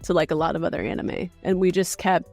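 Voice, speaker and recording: A woman, a voice actor guest, talking in a relaxed, thoughtful way on a podcast. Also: lowish voice, quick pace, soft background music. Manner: relaxed, thoughtful, reacts with short exclamations. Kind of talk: casual interview chat.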